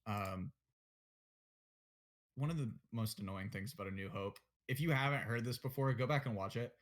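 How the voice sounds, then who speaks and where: A man's voice: mid-range voice, moderate pace. A young man co-hosting a casual podcast chat, blunt and opinionated, swearing and joking as he goes. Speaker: podcast co-host.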